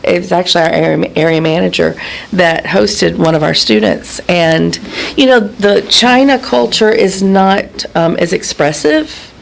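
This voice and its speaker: Chatty woman with a gravelly edge. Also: on the low side, a little slow, slight background noise. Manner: chatty, laughs often, tells anecdotes. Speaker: guest, exchange program coordinator. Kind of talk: casual radio interview. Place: radio studio.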